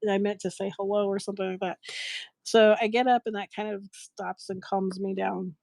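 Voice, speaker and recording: A middle-aged woman hosting a live shopping show, telling a story in a casual, animated, giggly way and acting out the voices she quotes. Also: medium pitch, a little fast, gravelly, no echo.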